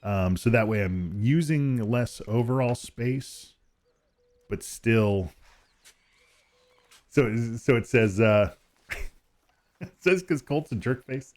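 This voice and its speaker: A man's voice: medium pitch, lively intonation, slow pace, pauses often, a little mellow. A man streaming a farming game, chatting casually with viewers, rambling, laughing often and restarting his sentences. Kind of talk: casual live-stream chat while gaming.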